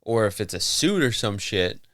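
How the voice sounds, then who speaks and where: A man's voice: fairly low pitch, very animated, normal speed, fairly bright tone, no echo, clean studio sound. A man co-hosting a podcast, chatting casually and thinking aloud with hesitant fillers. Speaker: podcast co-host.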